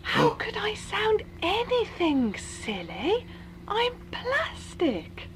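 A woman's voice: very high-pitched, huge pitch swings, very slow, heavily acted. A woman voicing a creepy, playful living doll girl who swoops between teasing and menacing tones, heard from a noisy clip. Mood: teasing menace.

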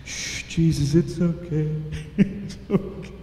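A man voicing Mary as a grieving mother, hushing softly and crying out in grief, in an echoey hall. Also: fairly high pitch, slow pace, a little hiss or hum. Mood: soothing whisper. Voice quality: hushed soothing whisper, crying out in grief. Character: grieving mother Mary, gentle then anguished.

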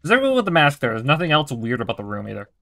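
A man's voice: a little high, wildly swooping pitch, very fast, creaky, sharp tone, dry recording, studio quality. A young man giving casual, swearing let's-play commentary while he plays a game. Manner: chatty, swears casually, talks to himself. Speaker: gaming video creator.

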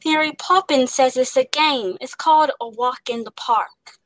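A woman's voice: sits high, a little slow, no room sound, rough recording. A woman voicing the young girl Jane Banks in a put-on British accent, speaking carefully. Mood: cheerful.

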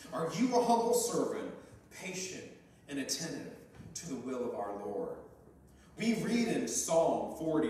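Guy giving a chatty earnest sermon, sounds far off in a big echoey church, faint room noise. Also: on the high side. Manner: earnest, conversational, acts out quoted voices. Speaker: preacher.

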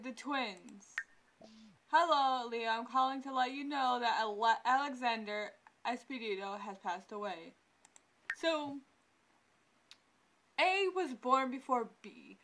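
A woman's voice: high-pitched, a little slow, fairly bright tone. Chatty young woman narrating gameplay. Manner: chatty, exclaims often at the game. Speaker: gameplay commentator. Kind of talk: casual let's-play commentary.

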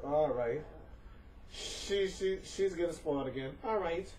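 A man's voice: a little high, lively intonation, unhurried, darkish tone. A man talks casually at home for a home video, chatty and coaxing, often stammering and repeating words. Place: indoors at home. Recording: voice distant from the camera mic, faint room noise.

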